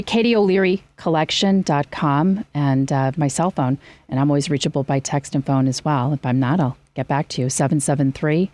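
Animated woman talking real estate on radio. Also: dry recording. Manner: animated, restarts often, lively rising pitch. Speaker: real estate agent guest. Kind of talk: radio talk show chat.

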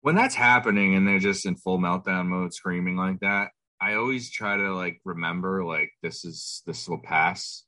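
Male podcast co-host, very low voice, self-deprecating storyteller, dry sound. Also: moderate pace, hardly any pauses, bright, forceful tone, dry recording. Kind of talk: casual chat.

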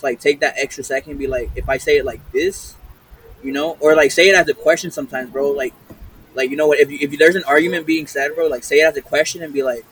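Brief: quick, slightly high-voiced man co-hosting a podcast, slangy and dropping Spanish phrases in, set back from the mic with faint background noise. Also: a bit bright, recorded from a distance, poor audio. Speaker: podcast co-host. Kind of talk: casual chat.

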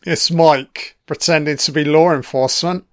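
A man's voice: fairly high pitch, fairly even intonation, moderate pace, dry recording, studio quality. A man giving casual, sweary film commentary, sardonic and mocking.

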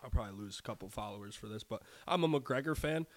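A young man co-hosting a podcast, chatting casually about sports betting, swearing often and rambling with excitement. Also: fairly low pitch, fast talker. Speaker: podcast co-host.

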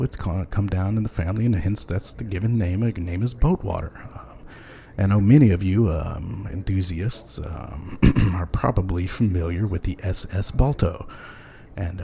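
A man's voice: deep voice, vocal fry, warm tone, a little hiss or hum. A man hosting a podcast, chatting loosely with many ums and uhs and frequent chuckles. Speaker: podcast host. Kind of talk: rambling casual chat.

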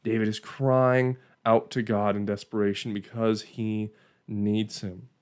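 A man's voice: fairly low pitch, flat delivery, a little slow, a little mellow, clear, resonant tone. A man giving an informal Bible teaching in a conversational way, often checking in with "right?" and restarting phrases.

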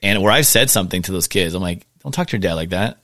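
A man hosting a podcast, chatting casually and quickly with his guest and laughing at himself. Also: deep voice, animated, bright, forceful tone, no room sound, studio quality. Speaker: podcast host. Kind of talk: casual interview chat.

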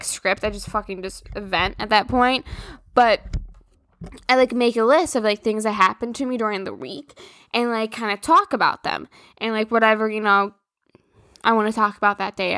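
A woman's voice: fairly high pitch, no echo. Profane rambling young woman. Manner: profane, rambling, filler-heavy. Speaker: podcast host. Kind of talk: casual venting monologue.

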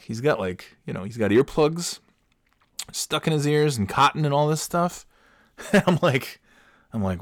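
A man's voice: medium pitch, fairly quick, no room sound. Profane storytelling man, dry sound. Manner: profane, animated, self-mocking. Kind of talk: comic storytelling.

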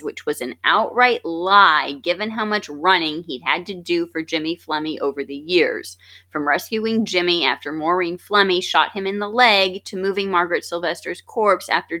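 A woman co-hosting a podcast, reading scripted true-crime narration in a steady, measured way. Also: on the low side. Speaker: podcast co-host.

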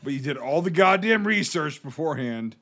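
Animated, profane man ribbing his friends. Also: on the high side, brisk. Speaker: podcast co-host. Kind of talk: casual movie commentary chat.

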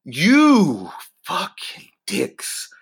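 Bright-voiced man ranting loudly. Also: extremely slow, breathy edge. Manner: animated ranting, swearing, sudden pitch jumps. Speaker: podcast host. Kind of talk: profane comedic rant.

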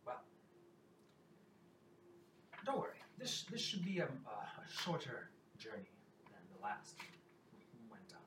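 A man puts on a sly fey lord of song and dance for a tabletop game, lilting and theatrical as he recites rhymes. The voice climbs high and swoops around. It sounds roomy and far from the mic, with loud ambience behind. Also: huge pitch swings, unhurried, long pauses, noisy background. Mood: wry.

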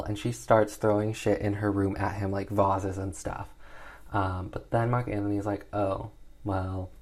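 A man's voice: fairly low pitch, a little mellow. A young man casually recapping an old comedy film in a rambling way, full of "like" and "um" fillers. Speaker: film reviewer.

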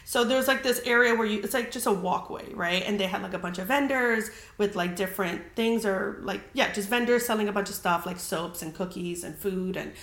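A woman's voice: medium pitch, a little fast, few pauses, a bit bright. A young adult woman hosting a podcast, telling a story in casual chat, full of fillers and swearing. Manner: chatty, heavy on filler "like", swears freely. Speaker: podcast host. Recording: roomy echo.

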